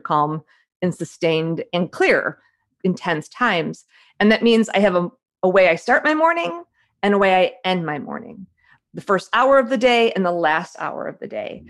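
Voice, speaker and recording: A woman in her forties, an author, telling her story in a lively, quick conversational way and acting out the voices she heard. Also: mid-range voice. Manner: animated, quick storyteller who acts out her inner voice. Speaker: author and guest. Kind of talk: conversational interview.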